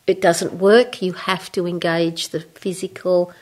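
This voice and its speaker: A woman's voice: lowish voice, steady tone, a little slow, darkish tone. A woman hosting a casual interview chat, affirming her guest and reflecting on stress and meditation. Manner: affirming, frequent "mm" backchannels. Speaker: host.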